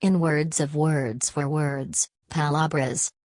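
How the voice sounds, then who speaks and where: A woman's voice: deep voice, steady tone, slow, a little mellow, dry recording, clean studio sound. A woman voicing a brash, mocking young man who slips into a querulous put-on Irish brogue, reading an audiobook. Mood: gleeful. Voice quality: querulous, wailing.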